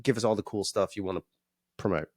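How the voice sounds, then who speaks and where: A man hosting a podcast, explaining his interview methods in halting restarts and laughing at his own jokes. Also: on the low side, no echo, studio quality. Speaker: podcast host and documentary interviewer. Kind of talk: casual conversation.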